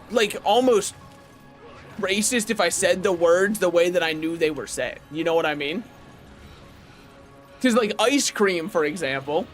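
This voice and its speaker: High-pitched young American male streamer, rambling casual chat with excitable outbursts, soft music underneath. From United States. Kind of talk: casual gaming livestream chat.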